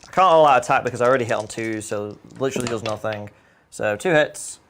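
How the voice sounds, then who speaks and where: Brisk, fast-talking man. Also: medium pitch, fairly bright tone, a little hiss or hum. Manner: brisk, matter-of-fact. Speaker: stream co-host and wargame player. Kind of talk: casual stream chat.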